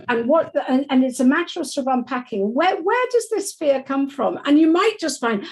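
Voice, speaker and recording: A woman's voice: high-pitched, animated, moderate pace, hardly any pauses, rough recording. Woman, chatty podcast guest. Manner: chatty, many "sort of" fillers, acts out inner voices. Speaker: parenting coach guest. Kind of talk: conversational podcast interview.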